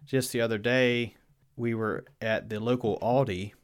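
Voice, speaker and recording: A man's voice: medium pitch, steady tone, normal speed. A man from Virginia with a Southern accent, a guest in a casual podcast conversation who talks thoughtfully and often restarts his phrases. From Virginia, USA.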